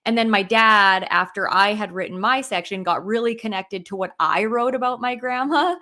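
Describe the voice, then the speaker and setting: A young adult woman co-hosting a podcast tells a personal story in casual chat, her mid-range voice sharp in tone and at normal speed. She is openly emotional and uses "like" as a filler constantly.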